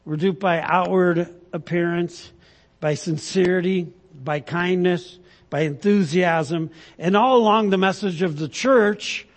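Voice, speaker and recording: A man preaching a sermon to his church, speaking haltingly with many fillers and frequent "right?" asides. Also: sits high, in a large hall. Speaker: pastor. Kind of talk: sermon with a told joke.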